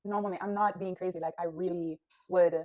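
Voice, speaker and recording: A woman's voice: on the low side, steady tone, a little fast, phone-quality sound. A woman hosting a reaction video, talking casually and filling her sentences with "like". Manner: chatty, peppered with "like". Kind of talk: casual commentary.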